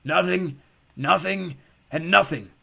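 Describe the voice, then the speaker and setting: A cracked, squeaky stranger who sounds sick of everything, as a man puts him on for an audiobook. He brushes people off in short, curt lines. The voice sits higher than the reader's usual and stays husky. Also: takes it slowly, bright, forceful tone, heavily acted. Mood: grumpy. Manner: curt, dismissive. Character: weary, sickly, grumpy strange man.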